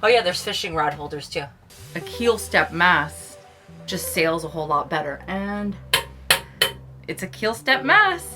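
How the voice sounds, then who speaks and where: A woman hosting a vlog, giving an excited, giggly tour of a small sailboat she is aboard. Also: lowish voice, a little slow, loud music behind the voice. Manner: excited, giggly, with frequent laughs. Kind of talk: casual tour walkthrough.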